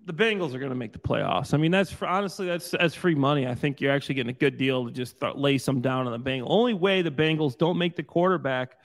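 A man who played pro football, talking loosely and excitedly in bursts, with restarts, on a sports panel. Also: medium pitch, fast talker, hardly any pauses. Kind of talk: casual sports chat.

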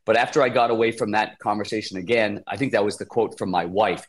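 A man's voice: on the low side, fast talker. A man co-hosting a podcast in casual chat, rambling and folksy, often restarting his sentences. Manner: rambling, self-correcting, folksy. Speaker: podcast co-host.

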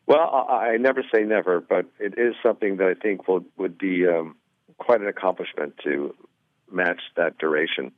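A man's voice: deep voice, moderate pace, dry recording. A middle-aged man, a comedian calling in as a guest, chatting easygoingly with lots of fillers over a phone line. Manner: easygoing, rambling with many fillers. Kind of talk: phone interview chat. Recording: tinny dry phone line.

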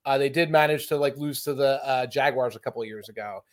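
A man appearing as a guest football writer on a casual sports podcast, animated and jokey, slipping into mock voices. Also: mid-range voice, fast talker.

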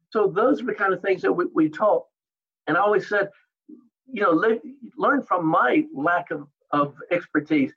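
A man, a martial artist and actor, telling animated anecdotes in an interview and acting out other people's lines. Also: sits high, moderate pace, slightly rough, highs cut off. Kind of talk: storytelling interview.

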